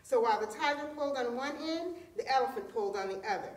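Expressive woman reading a folktale. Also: high voice, fast. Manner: expressive storytelling. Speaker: storyteller. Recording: roomy echo, distant mic.

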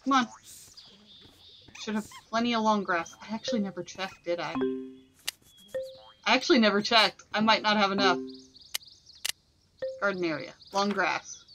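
A woman's voice: medium pitch, moderate pace, pauses often, music in the background. A woman streaming a video game, chatting casually to herself and scolding the creatures on screen. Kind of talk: casual gameplay commentary.

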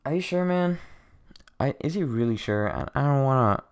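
A young man giving excited gameplay commentary to his viewers as a streamer, stammering and thanking them over and over, with keyboard clicks near his microphone. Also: mid-range voice, moderate pace, clear, resonant tone. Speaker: gaming streamer.

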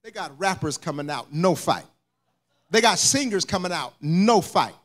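A man's voice: sits high, expressive, normal speed. A man preaching a sermon as pastor, telling a story that builds into fervent, rising preaching. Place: church sanctuary.

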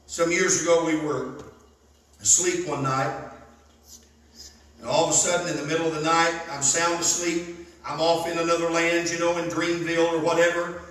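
A man preaching a sermon, telling stories fervently and bursting into loud emphasis. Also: fairly high pitch, flat delivery, normal speed, long pauses. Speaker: pastor. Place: church sanctuary. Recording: echoey church hall, mic at a distance.

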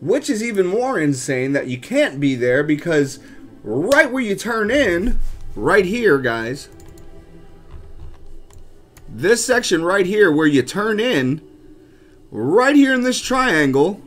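A man with a slightly raised voice tells his story straight to camera in a loose, chatty way. He is animated and keeps turning to his viewers as "guys". Faint music sits under his talk. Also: high-pitched. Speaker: vlogger and urban explorer.

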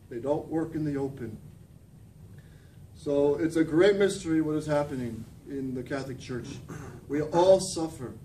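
Fervent priest preaching from afar. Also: male voice. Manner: fervent preaching, dropping to quiet, intense emphasis. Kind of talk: sermon. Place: church. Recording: distant mic with faint rumble.

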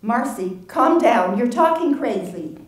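A woman's voice: on the high side, expressive, unhurried, pitched above the performer's own voice. A woman doing a bossy older sister. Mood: soothing. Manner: insistent, scolding. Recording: roomy hall from far off.

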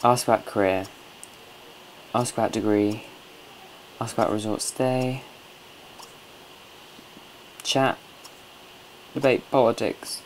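A man's voice: medium pitch, steady tone, takes it slowly, pauses often, slight background noise. A man hosting a casual gameplay commentary from home, chatty, coaxing and scolding his game characters. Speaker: let's play host.

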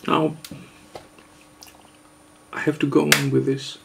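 A man vlogger giving a mock-serious confession, halting and hesitant, earnest and overwrought. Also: a little high, little pitch movement, vocal fry, background noise. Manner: halting, hesitant, with long pauses.

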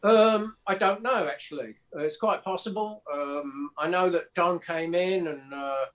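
A man's voice: high voice, measured pace, a bit bright. A man, a record producer, telling studio anecdotes in a casual interview, with loose fillers and restarts. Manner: anecdotal, acts out quotes, many fillers and restarts.

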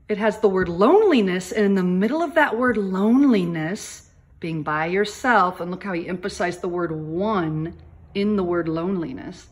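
A woman teacher giving a recorded lesson for young children, speaking gently and slowly and stressing key words as she explains. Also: medium pitch.

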